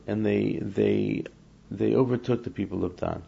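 A man's voice: lowish voice, slow, vocal fry, mellow, husky, muffled recording. A man teaching a scripture lesson, reading Hebrew verses and explaining each one in English while acting out the speakers in the text. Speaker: Torah teacher.

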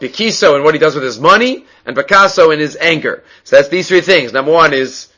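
A man's voice: fairly high pitch, expressive, a little fast, sharp tone. A man teaching a Talmud class, explaining the text with frequent fillers and restarts. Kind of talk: Talmud lecture.

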